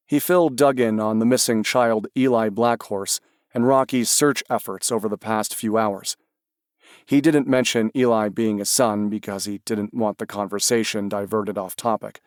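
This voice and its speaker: A man narrates a scripted audiobook in an even, measured way. His pitch is fairly low, and the studio-quality recording has no echo.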